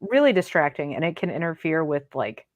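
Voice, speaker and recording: A woman co-hosts a podcast with an animated, enthusiastic manner. Her voice is slightly low and sounds dry and close to the mic. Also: fairly quick, dry recording, dull audio. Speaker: podcast co-host. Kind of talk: casual chat.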